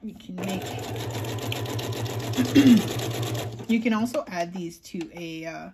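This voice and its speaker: A woman chatting casually through a craft tutorial, thinking aloud as she works and often clearing her throat. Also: lowish voice, takes it slowly, background noise. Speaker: craft vlogger.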